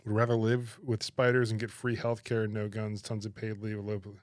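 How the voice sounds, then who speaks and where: Low-voiced man ranting on stream. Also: fairly quick, hardly any pauses, no room sound, clean studio sound. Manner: animated, exaggerated disbelief, laughing often. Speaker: streamer reacting to chat. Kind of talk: casual livestream chat.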